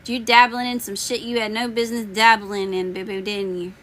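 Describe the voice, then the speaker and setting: A woman's voice: a little high, level tone, a little fast, fairly bright tone. A woman tarot reader chatting casually with viewers on a live stream, teasing, laughing and slangy, with her voice a bit worn as she loses it. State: losing her voice. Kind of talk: casual livestream chat answering viewers.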